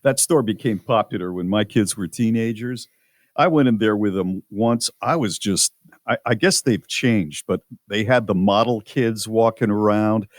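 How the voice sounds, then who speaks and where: A man's voice: lowish voice, moderate pace, dry recording, clean studio sound. A middle-aged man hosting a radio talk show, chatting in a friendly, conversational way. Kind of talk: casual radio chat.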